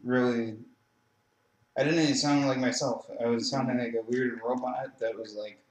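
A gaming channel host runs a casual let's-play, chatty and frequently laughing, his mid-range voice moving at normal speed with fairly even intonation. He's recorded indoors on a webcam mic, so the audio sounds roomy.

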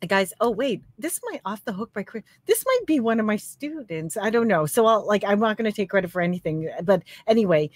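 A woman's voice: medium pitch, expressive, brisk, hardly any pauses, no echo. A woman from Canada co-hosting a casual livestream chat about crochet, talking in a chatty way with lots of "like" and frequent laughs. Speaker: co-host.

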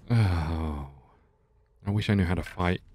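A man's voice: deep voice, a little mellow, a little hiss or hum. Wry man narrating gameplay. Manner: wry, self-mocking remarks. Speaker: gaming channel host. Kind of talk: let's-play commentary.

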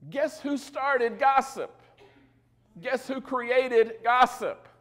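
A man's voice: very high voice, very slow, fairly bright tone. A male pastor preaching a sermon in a conversational way, with joking asides and frequent questions to the congregation.

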